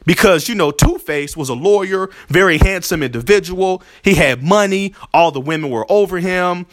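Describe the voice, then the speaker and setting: A man hosting a religious podcast thanks his listeners in heartfelt, emotional, preacherly talk, repeating himself. His high voice has a fairly bright tone at a moderate pace, with clean studio sound and no echo.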